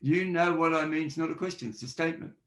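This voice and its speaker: A man with a slightly high voice talks as a guest on a podcast. He explains his ideas point by point and acts out the sample questions he describes. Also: fast talker. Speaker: guest, forensic linguist. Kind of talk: podcast interview answers.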